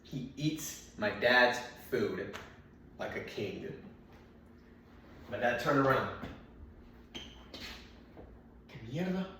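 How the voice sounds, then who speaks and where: A man's voice: medium pitch, takes it slowly, pauses often, fairly bright tone. A man doing stand-up, telling rambling anecdotes full of fillers and restarts. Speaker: stand-up comedian. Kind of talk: stand-up storytelling. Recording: very echoey room, mic far off, faint noise.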